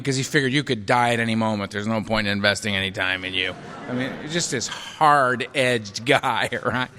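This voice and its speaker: A middle-aged man speaking to a recovery meeting, his pitch jumping high and low as he tells a self-mocking story. His voice is bright and forceful and rings out into a long hall reverb. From United States. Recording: hall reverb, live talk recording.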